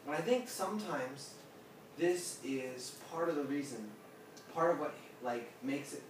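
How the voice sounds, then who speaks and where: A man with a slightly high voice gives a casual Bible talk to a small group, throwing questions to the room. He acts out quotes with lively bursts of voice. He is recorded from across a very echoey room with a faint hiss behind him. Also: measured pace. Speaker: pastor. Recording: echoey room, mic at a distance.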